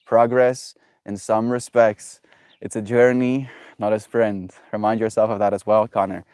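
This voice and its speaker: A man livestreaming, chatting casually with viewers in a gentle, self-affirming, meandering way, laughing often. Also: on the low side, level tone, unhurried, dry recording, studio quality. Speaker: daily livestreamer. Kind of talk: casual reflective chat with viewers.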